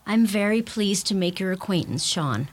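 An actress playing a polite, formal young fiancée. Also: female voice, medium pitch, lively intonation, moderate pace, breathy edge. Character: prim young American fiancée, polite and startled. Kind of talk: comedy sketch acting.

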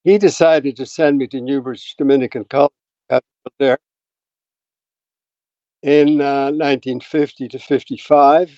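An Irish man in his eighties, a retired scientist telling stories in a rambling, anecdotal way, often clearing his throat. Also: mid-range voice, fairly even intonation, measured pace, long pauses, a little mellow, no echo, dull audio. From Ireland. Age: 80s. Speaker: guest scientist. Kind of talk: relaxed storytelling.

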